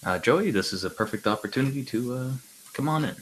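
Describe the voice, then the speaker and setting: A man playing a tabletop game, narrating his character's actions in a halting, chatty way. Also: medium pitch, expressive, a bit bright, a little hiss or hum, rough recording. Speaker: player.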